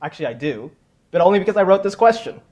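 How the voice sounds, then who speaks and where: A man's voice: sits high, very animated, fast talker, a little mellow. A man hosting a pub quiz at a tech conference, chatty and joking, often repeating himself. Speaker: quiz host. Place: conference room with audience.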